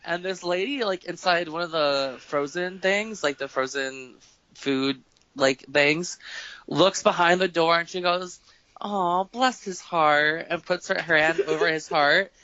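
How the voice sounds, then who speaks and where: A man's voice: fairly high pitch, unhurried, no room sound. Male podcast guest, casual storyteller who swears freely and acts out quotes; muffled dry home mic. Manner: rambling, swearing, animated quoting. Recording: dull lo-fi home recording.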